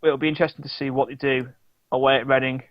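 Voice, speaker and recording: A man's voice: medium pitch, flat delivery, quick pace, no echo. A man co-hosting a sports podcast, talking casually, with many restarts and fillers. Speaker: podcast co-host. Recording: dull lo-fi dry sound.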